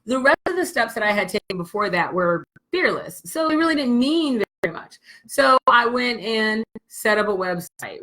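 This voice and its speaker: Blunt, animated woman business coach. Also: on the low side, low-quality recording. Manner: blunt and animated, swears freely. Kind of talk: candid motivational storytelling to camera.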